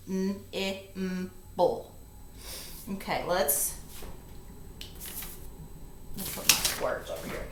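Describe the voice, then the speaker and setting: Slow, patient woman teaching phonics. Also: medium pitch, slight background noise. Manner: slow, patient, step-by-step instruction. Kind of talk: phonics lesson. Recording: echoey classroom, faint ambience.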